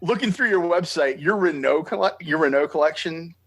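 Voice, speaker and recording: A man with an American accent hosting a podcast, telling stories in an excitable, animated way. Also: fairly high pitch, brisk, breathy edge. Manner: excitable, animated storytelling with laughs. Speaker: podcast host. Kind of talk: enthusiastic interview chat.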